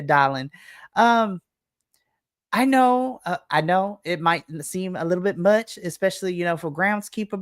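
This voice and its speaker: A woman's voice: on the low side, no echo, clean studio sound, natural voice. A woman voicing a preppy, petite Southern school principal who gushes and calls everyone honey and darling. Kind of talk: tabletop role-play voice.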